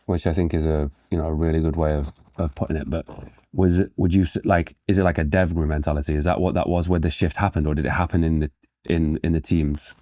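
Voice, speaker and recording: A man hosting an interview, asking questions in a halting way with many restarts. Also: a bass voice, level tone, dark tone, no room sound. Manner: halting, restarts often with fillers. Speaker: podcast interview host.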